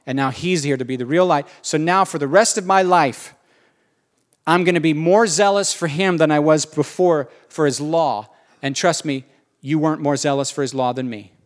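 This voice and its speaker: Fervent apostle, single-minded, driven, repetitive declarations, a preacher putting him on, fairly high voice. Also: male voice, normal speed, close to an everyday voice. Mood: zealous. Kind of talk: sermon.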